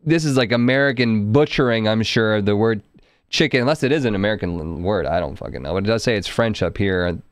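A man's voice: fairly low pitch, fast talker, no echo, studio quality. A man from Arkansas streaming a card game, chatting to his viewers in a wry, profane way. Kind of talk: casual live-stream game commentary.

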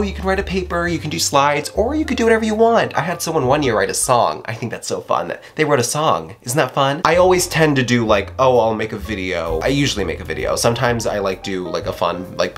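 A young man, a college student, talking to camera in a rambling, sarcastic, self-mocking way with big pitch swings for emphasis. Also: fairly bright tone. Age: young adult. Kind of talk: casual vlog to camera.

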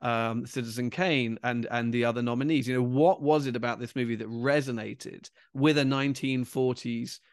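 A man chats through a film review as co-host, relaxed and conversational. His voice sits at a middling pitch and sounds close and dry, with no room around it. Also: moderate pace, hardly any pauses, dry recording. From Britain. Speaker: podcast co-host. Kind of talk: casual film review chat.

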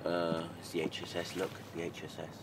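Wry trucker over engine noise. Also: male voice, monotone, fairly quick, creaky. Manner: chatty, wry and self-mocking, mild swearing. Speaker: truck driver vlogger. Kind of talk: casual running commentary while driving. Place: inside a truck cab. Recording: loud engine and road noise. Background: truck engine and road rumble.

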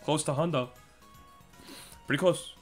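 A man's voice: fairly high pitch, a little slow, slightly rough, soft background music. A young man giving casual commentary on a puzzle game he is playing, with playful, sarcastic trash talk aimed at his opponent. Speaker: gaming streamer.

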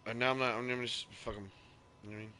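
A man streaming a game and chatting casually, ranting loudly with profane jokes. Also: medium pitch, fairly even intonation, racing, a little hiss or hum. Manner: loud, ranting, profane joking. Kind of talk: casual gaming stream chat.

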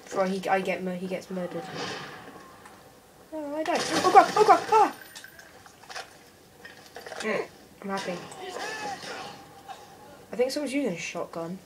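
A woman giving excitable gameplay commentary, often exclaiming in alarm. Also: mid-range voice, measured pace, long pauses. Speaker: gamer. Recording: noisy game audio behind.

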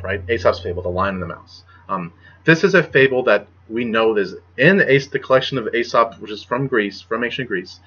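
Young male lecturer, casual and chatty, husky voice, dull home recording. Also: mid-range voice, fairly bright tone. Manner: chatty, lots of "right?" and "like". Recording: muffled lo-fi recording.

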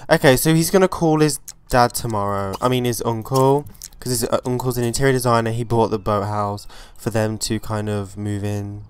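Smooth-voiced man chatting over gameplay. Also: medium pitch, normal speed, few pauses. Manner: chatty and excitable, swears freely. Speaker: let's play host. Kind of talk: casual gameplay commentary.

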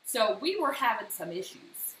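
A woman casually walking viewers through a baking demo from her home kitchen, slipping lively personal stories in between the steps. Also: a little high, normal speed. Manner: chatty, animated anecdotes between step-by-step instructions. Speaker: baking streamer. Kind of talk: casual live-stream baking demo and storytelling. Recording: echoey kitchen with faint noise.

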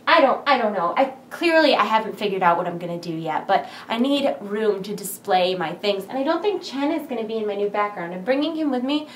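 A young woman vlogging casually from home, rambling with lots of "like", excited and nervous, recorded on her camera mic in a big empty room. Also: medium pitch, a little fast, few pauses, echoey room, slight background noise. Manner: chatty, rambling, full of "like". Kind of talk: casual vlog chat. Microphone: camera's built-in mic.

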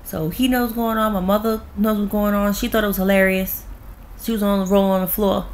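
A woman's voice: medium pitch, fairly even intonation, fairly quick, darkish tone, a little hiss or hum. A young woman at home, ranting bluntly and profanely in a casual vlog. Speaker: vlogger. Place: at home with her cat.

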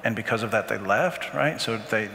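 A man's voice: lowish voice, normal speed, creaky, sharp tone. Earnest man teaching in an echoey hall. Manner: earnest, repeats words often, asks "right?". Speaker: parish teacher. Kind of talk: adult faith formation talk. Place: church hall.

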